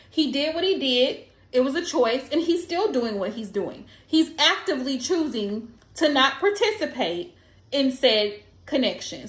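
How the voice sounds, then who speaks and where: A woman's voice: high-pitched, very animated, unhurried. A woman tarot reader giving blunt, emphatic advice in a casual monologue, repeating lines for effect. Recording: echoey room.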